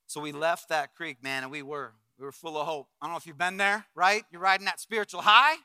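A middle-aged man preaching as a pastor, telling a story with acted-out quotes and swings from loud bursts to hushed reflection. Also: fairly high pitch, fairly even intonation, a little fast, smooth, no echo. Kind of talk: sermon storytelling.

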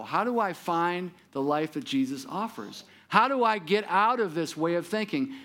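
Man preaching an animated sermon. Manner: rises in pitch for quoted lines, drops soft and low for solemn points; repeats words when he restarts, talks straight to the listener. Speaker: pastor.

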